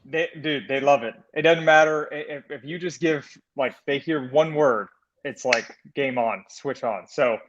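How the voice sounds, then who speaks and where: A man's voice: mid-range voice, measured pace. Easygoing guy on a lo-fi call. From United States. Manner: easygoing, calls everyone "man". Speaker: life coach, podcast guest. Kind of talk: casual chat.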